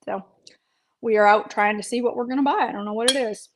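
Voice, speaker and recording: A woman's voice: fairly high pitch, fast, poor audio. Chatty, playful woman vlogger. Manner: chatty, playful, self-deprecating humor. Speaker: health coach and vlog host. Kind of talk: casual livestream chat while eating.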